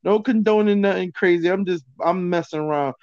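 A man in casual chat, telling stories in an animated, slangy way with lots of fillers. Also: high voice, a little fast, no room sound. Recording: dull, dry sound.

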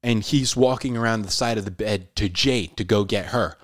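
Low-voiced man telling a story casually. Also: normal speed, dry recording, studio quality. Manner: animated, says "dude" a lot.

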